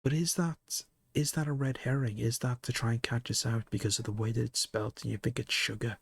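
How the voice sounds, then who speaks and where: A man's voice: mid-range voice, fairly even intonation, a little fast, vocal fry, husky, no room sound, clean studio sound. A man streaming live, chatting casually with viewers, joking and laughing often.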